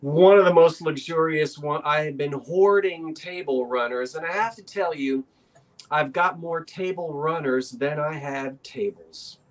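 A man co-hosts a live sale in a warm, folksy manner. His voice sits a little high. He sounds gently enthusiastic as he talks to viewers. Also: unhurried. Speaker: auction co-host. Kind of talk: live online auction chat.

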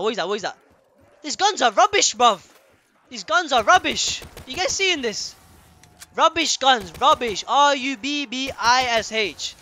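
A young man giving loud, excitable gameplay commentary as a streamer, repeating phrases in bursts. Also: very high-pitched, slight background noise. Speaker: gaming streamer.

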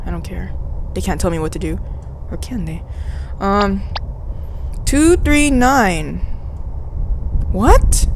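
A woman's voice: mid-range voice, background noise. A young woman hosting a let's play, chatting casually to herself as she plays and getting easily startled. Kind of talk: casual gameplay commentary.

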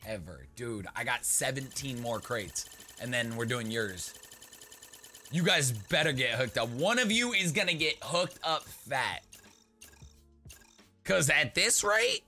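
A young man chatting loosely to his viewers while playing, with a bright, forward tone and a voice that leaps up and down constantly. He rambles and jokes, now and then bursting into loud goofy shouts. Faint music plays underneath. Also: medium pitch, animated, unhurried. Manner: rambling, joking, swings into loud playful outbursts. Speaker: gaming YouTuber. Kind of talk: casual gaming commentary.

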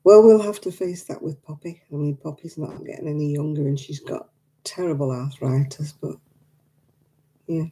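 A woman's voice: low voice, steady tone, normal speed, mellow, rough recording. A woman hosting a craft livestream, chatting casually and answering viewer comments, emotional as she talks about her late dog. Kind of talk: casual chat with live viewers.

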